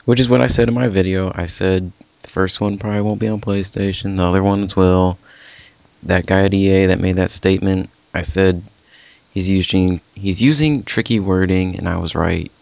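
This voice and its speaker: Male podcast host, low and gravelly, rambling casual chat, dry lo-fi recording. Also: normal speed, dry recording. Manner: rambling, self-correcting, animated.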